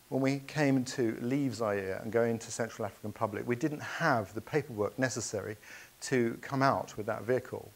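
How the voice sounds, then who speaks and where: Male speaker, storytelling keynote, earnest, anecdotal, halting fillers. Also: mid-range voice.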